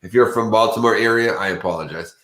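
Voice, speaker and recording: A man's voice: lowish voice, fast talker, a bit bright, echoey room. A man hosting a livestream in casual, rambling chat, chatty and self-mocking. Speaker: livestream host.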